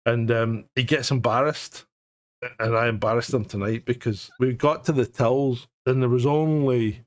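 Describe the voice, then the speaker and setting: A man's voice: mid-range voice, steady tone, moderate pace. A middle-aged Scottish man co-hosting a live stream, chatting casually, joking, laughing often and swearing freely. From Scotland. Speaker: co-host.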